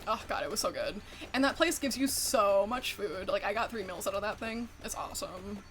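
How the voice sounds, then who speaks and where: A woman's voice: medium pitch, a little fast, a bit bright, soft background music. A woman streaming a game as a VTuber, chatting casually, giggling a lot and swearing freely. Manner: giggly, chatty, often breaks into laughter. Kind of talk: casual chat while gaming.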